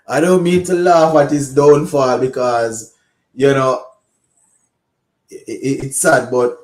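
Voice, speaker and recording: Caribbean male watch-along commentator, mid pitch, excitable and laughing, drifts into Creole, echoey room. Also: a little slow. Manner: excitable, laughs often, slips into local Creole.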